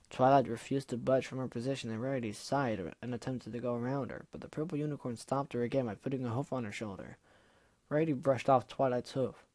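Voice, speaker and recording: A man's voice: mid-range voice, steady tone, fairly quick, darkish tone, no echo. A man reading fan fiction aloud in a casual way, stumbling over words and adding chatty, self-deprecating asides.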